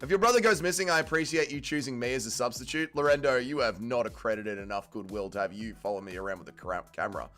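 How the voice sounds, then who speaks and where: A man's voice: medium pitch, fast, hardly any pauses, a bit bright. A young man hosting a fight watch-along livestream, reading chat aloud and chatting casually with blunt, profane banter.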